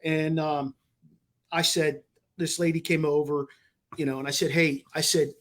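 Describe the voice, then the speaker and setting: Husky high-voiced man telling a story. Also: normal speed. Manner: animated storyteller acting out quoted exchanges. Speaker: podcast co-host. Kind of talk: casual storytelling chat.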